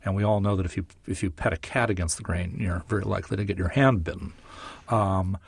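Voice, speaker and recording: A man as a science guest on an interview show, explaining in a measured, lecture-like way with vivid examples. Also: low-pitched, fairly even intonation, creaky, breathy edge, no room sound. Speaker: neuroscientist guest.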